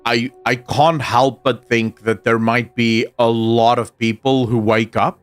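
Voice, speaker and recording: A man's voice: mid-range voice, little pitch movement, measured pace, no room sound, soft background music. A man streaming live, reading viewer comments aloud and answering them in casual chat.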